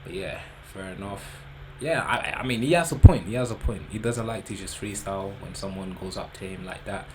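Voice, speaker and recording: A man's voice: low-pitched, fairly quick. A man, hosting a reaction video in a loose, joking commentary with slang. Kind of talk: casual commentary. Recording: background noise.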